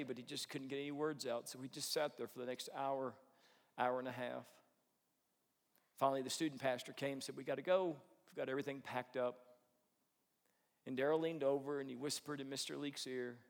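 A man's voice: mid-range voice, vocal fry. Earnest preacher man in a reverberant hall. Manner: earnest, animated storytelling with varied dynamics. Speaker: pastor. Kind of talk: sermon storytelling.

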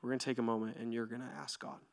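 A pastor in his thirties giving a sermon to his church, lively and joking at first, then soft and hushed as he leads a quiet prayer. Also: mid-range voice, very fast. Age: 30s. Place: church hall.

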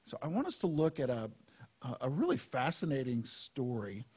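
A man preaching a sermon as pastor, in a conversational, unhurried way with frequent fillers. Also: mid-range voice, very animated, darkish tone, husky.

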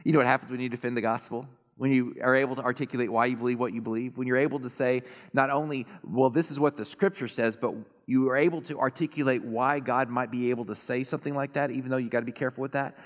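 A man preaching a sermon as pastor, animated and self-deprecating, swinging between quiet asides and loud emphasis. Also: medium pitch, fast, few pauses, muffled recording. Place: church sanctuary. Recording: long reverb of a church hall.

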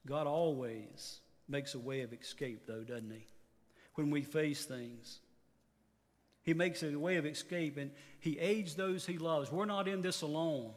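A pastor in his fifties preaching a sermon earnestly, his voice rising on exhortations and dropping low at the ends of phrases. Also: unhurried, long reverb tail. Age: 50s.

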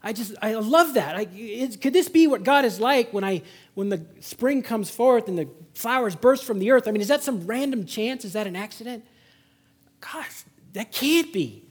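Husky-voiced pastor preaching a sermon, high-pitched. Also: male voice, animated, moderate pace. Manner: swings from loud exhortation to hushed, intimate emphasis. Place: church service.

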